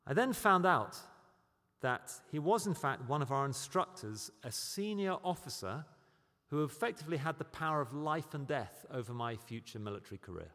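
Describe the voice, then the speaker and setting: A man preaching a sermon, moving between loud, emphatic declarations and quiet, storytelling asides. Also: a little high, lively intonation, normal speed. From Britain. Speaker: pastor. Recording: long hall reverb.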